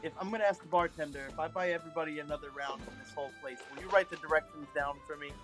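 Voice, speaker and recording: Male player, slightly high voice, hesitant, faint music behind. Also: fairly even intonation, very fast. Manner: hesitant, thinks aloud with fillers. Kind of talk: casual tabletop game play.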